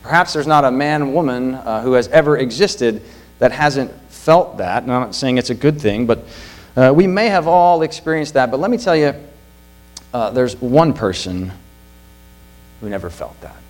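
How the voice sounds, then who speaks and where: Pastor, man, middle-aged; animated, earnest sermon delivery, slight hum on the recording. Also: mid-range voice, normal speed, rough recording. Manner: earnest, emphatic preaching with rhetorical questions.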